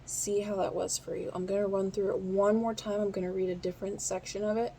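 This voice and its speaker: A woman's voice: medium pitch, level tone, a little fast, warm tone, slight background noise. Brief: woman with a mid-range voice, casual steno instructor, talks directly to viewers.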